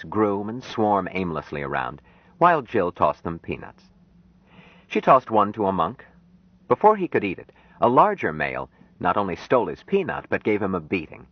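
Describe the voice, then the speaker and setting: A man narrating an audiobook in a measured, even storytelling manner. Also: deep voice, breathy edge, no echo. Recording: dry, dull lo-fi audiobook recording.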